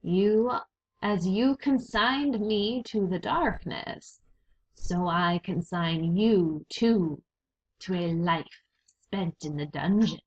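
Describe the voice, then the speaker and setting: A cruel storybook rat who drawls out every threat with icy contempt, as a woman reader puts him on. His lines come slowly and deliberately, and the recording sounds muffled and lo-fi. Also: fairly low pitch. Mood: contemptuous. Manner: slow, cold, contemptuous. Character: cruel sneering male rat villain. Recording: dull lo-fi recording.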